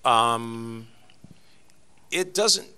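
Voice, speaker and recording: A man answering interview questions as a guest voice actor on a convention panel, chatty and animated, with laughs and restarts. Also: medium pitch, drawn-out words, clear, resonant tone.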